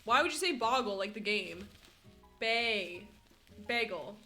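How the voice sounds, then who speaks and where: A woman's voice: medium pitch, big pitch swings, fairly quick, bright, forceful tone. A woman streamer chatting casually with her viewers and laughing a lot, often breaking into giggling fits. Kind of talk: casual live-stream chat. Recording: faint music behind.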